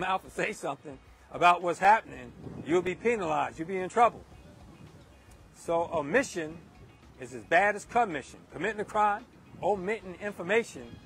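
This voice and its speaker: A man's voice: sits high, a bit bright. A man giving an emphatic, repetitive moral talk outdoors in a windy park. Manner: emphatic and repetitive, driving points home. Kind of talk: off-the-cuff preaching monologue.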